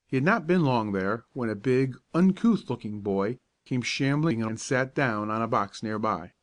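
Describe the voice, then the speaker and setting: A man narrating a children's audiobook in a calm, even, measured bedtime reading. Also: mid-range voice. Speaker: storyteller.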